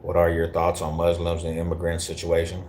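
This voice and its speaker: Deep-voiced east denver dude on a live stream, chill and cussing a lot. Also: male voice, completely flat delivery, fairly quick, darkish tone, a little hiss or hum. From Denver, Colorado. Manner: slangy, profane, laid-back banter. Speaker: livestreamer reading chat. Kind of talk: casual live-stream chat.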